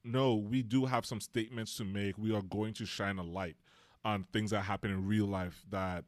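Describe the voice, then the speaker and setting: A man's voice: lowish voice, steady tone, moderate pace, no echo, studio quality. A man co-hosting a podcast, chatting casually about a film and acting out scenes now and then. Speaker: podcast co-host.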